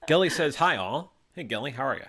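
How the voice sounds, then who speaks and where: A man hosting a casual live stream with a bright, forward voice. His pitch swings widely as he jokes around and reads out chat comments from viewers. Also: lively intonation, quick pace. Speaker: host.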